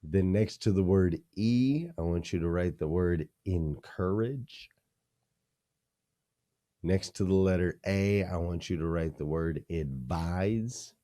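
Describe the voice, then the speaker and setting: Deep-voiced, energetic male leadership coach. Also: slow pace. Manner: energetic, emphatic teaching with punchy repeated phrases. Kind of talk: podcast interview.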